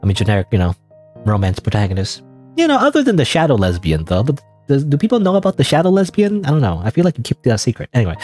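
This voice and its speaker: A man's voice: mid-range voice, wildly swooping pitch, quick pace, darkish tone, soft background music. A man making casual, joking asides while playing a story game, rambling with fillers. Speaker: let's play streamer.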